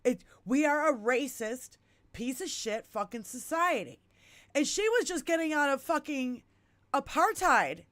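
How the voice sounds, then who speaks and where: Brief: woman in her fifties hosting a podcast, lively storyteller with a salty mouth, fairly high voice, dry close sound. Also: a little slow, no echo. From United States. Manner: animated storyteller, swears freely. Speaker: podcast host. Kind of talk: casual chat.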